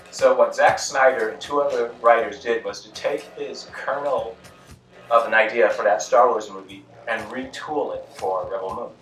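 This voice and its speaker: A man's voice: mid-range voice, fairly bright tone. A man narrating a movie review in a dry, critical, mildly exasperated way. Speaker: film reviewer. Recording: echoey room, mic at a distance, faint music.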